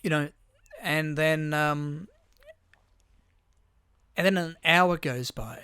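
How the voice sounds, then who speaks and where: A man's voice: fairly high pitch, slow pace, sharp tone, smooth, no echo. A young man co-hosting a podcast, telling rambling, sweary stories in casual chat. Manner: rambling storyteller, lots of swearing and restarts. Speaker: podcast co-host.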